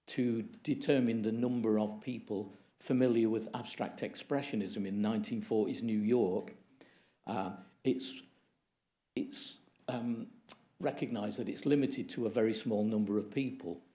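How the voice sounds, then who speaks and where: Man, lecture presentation, mellow tone, measured, anecdotal. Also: lowish voice, fairly even intonation. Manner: measured, reading from slides, anecdotal. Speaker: conference speaker.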